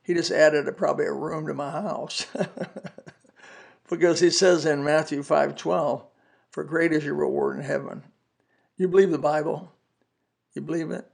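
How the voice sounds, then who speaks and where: Older man in his seventies, gravelly, slightly high voice, folksy testimony sermon, earnest. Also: fairly even intonation, moderate pace, pauses often. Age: 70s. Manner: earnest, folksy storytelling with scripture quotes. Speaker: podcast preacher.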